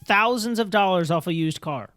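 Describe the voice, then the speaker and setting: A man co-hosting a casual podcast who chimes in with quick agreement and joking asides. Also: sits high, lively intonation, fairly bright tone, no room sound, studio quality. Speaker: podcast co-host.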